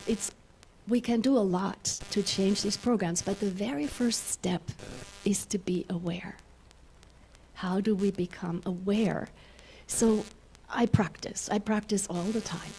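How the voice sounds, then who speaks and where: A woman minister from German-speaking Europe, a native German speaker, gives a gentle spiritual talk in a mid-range voice. She laughs often while guiding listeners through slow breaths, with a faint hum of room noise behind her.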